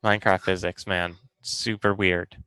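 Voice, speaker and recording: A man's voice: low-pitched, little pitch movement, measured pace, pushed and bright, clear, resonant tone, no room sound. A man playing in a tabletop game, chatting casually and joking in a laid-back way. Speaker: player.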